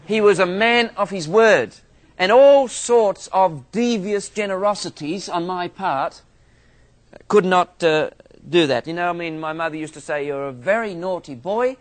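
Brief: Australian male minister, theology lecturer, fairly high voice, humorous storyteller. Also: a little slow. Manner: humorous storytelling, self-mocking asides.

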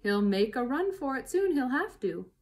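A woman doing a loud, nasty farmer man. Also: high voice, very animated, normal speed, voice pushed up. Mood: scheming. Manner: loud, shouting threats. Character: nasty scheming male farmer.

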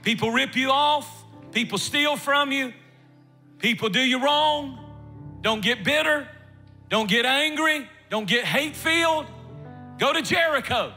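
A man preaching a sermon in church as pastor, emphatic and repetitive, with bursts of shouting. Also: very high-pitched, measured pace, gravelly, faint music behind. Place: church sanctuary.

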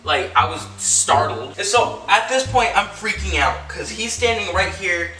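A young man from California, telling a story at home in an animated, excitable way, full of fillers and acted-out quotes. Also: sits high, a little slow, soft background music. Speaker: vlogger. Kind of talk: storytime vlog. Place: at home indoors. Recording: echoey room, mic at a distance.

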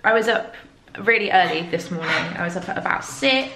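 A congested young woman chatting casually in a vlog, bubbly, and talking to her dog in a high baby voice. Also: animated, a little fast, echoey room, noisy background. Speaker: vlogger.

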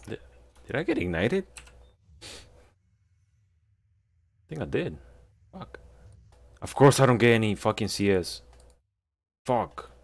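A man's voice: fairly low pitch, sing-song, takes it slowly, vocal fry, long pauses. A man giving casual gaming commentary, swearing often and complaining in frustration. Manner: profane, frustrated trash talk. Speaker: gameplay streamer.

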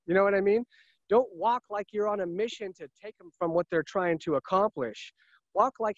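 Car sales guy talking shop, kinda high voice, dry dull sound. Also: fairly quick, no room sound. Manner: earnest, repetitive, emphatic. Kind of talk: casual interview talk.

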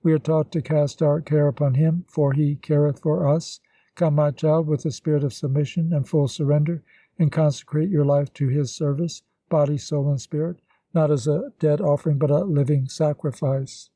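Man reading motherly devout woman, tender, consoling, pious, mellow dark voice, slightly high. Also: steady tone, normal speed, breathy edge, no echo, rough recording. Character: kindly motherly older woman, devout counselor.

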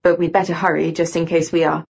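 A woman reading an audiobook voices a guarded young man with low, clipped, terse replies. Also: flat delivery, quick pace, vocal fry, darkish tone, breathy edge, dull audio, heavily acted. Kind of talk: audiobook dialogue.

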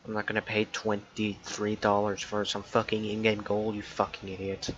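Low-ish bright voiced guy cussing at a video game, dull lo-fi mic w faint hiss. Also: monotone, normal speed. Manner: swears a lot, irritable muttering. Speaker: gameplay commentator. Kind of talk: casual let's play commentary.

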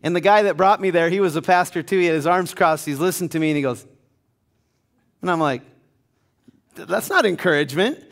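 A man pastor preaching a passionate sermon in a church, building to loud emphatic peaks. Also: a little high, steady tone, quick pace. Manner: passionate, rising to near-shouting. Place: church sanctuary.

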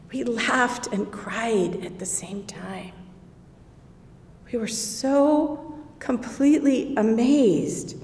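A woman's voice: sits high, dark tone. A woman playing a grieving, awestruck sister telling her story in a first-person monologue, slipping into whispers at tense moments. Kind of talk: first-person dramatic monologue in a worship service. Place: church sanctuary. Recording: echoey church hall.

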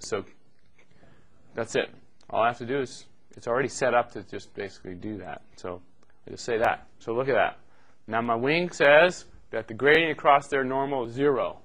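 A man's voice: mid-range voice, fairly bright tone. A middle-aged man giving a live university lecture, explaining steps in a loose, joking way with frequent "okay" and "right.".

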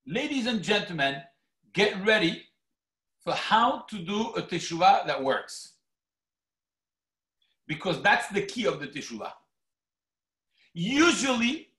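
Man, rabbi giving a sermon, high lively voice, bright tone, echoey hall. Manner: animated, theatrical preaching with mock quotes. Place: synagogue hall.

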